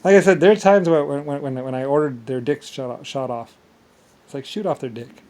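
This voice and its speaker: A man's voice: fairly high pitch, darkish tone, a little hiss or hum. A man talking alone in a rambling monologue, stumbling and repeating words as he goes. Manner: halting, repeats words, trails off. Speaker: vlogger.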